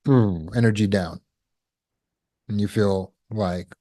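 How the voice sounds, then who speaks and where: A man's voice: lowish voice, unhurried, darkish tone. A man giving a spoken lesson to an online audience. As a healing course teacher, he asks rhetorical questions and repeats words while he thinks.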